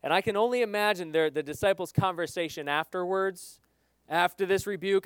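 Middle-aged male pastor, emphatic sermon delivery, slightly higher voice, dry close sound. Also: fairly quick, clean tone, dry recording. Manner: earnest, emphatic, swings between loud and soft.

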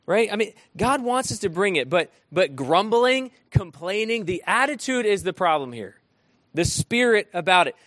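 A man preaching an interactive sermon, animated and often asking his listeners questions. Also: sits high, normal speed, dry recording. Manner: animated, asks the room questions.

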